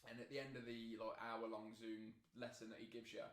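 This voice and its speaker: A man who is a guest on a podcast, chatting casually, eager and agreeable, with plenty of quick yeahs. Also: medium pitch, flat delivery, roomy sound. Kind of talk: casual chat.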